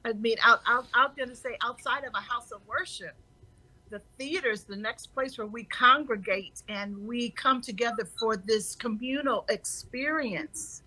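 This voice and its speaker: A woman from the United States speaking as an interview guest over a video call, articulate and measured. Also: a little high, pushed and bright, no room sound, poor audio. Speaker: guest theater artist. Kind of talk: casual interview chat.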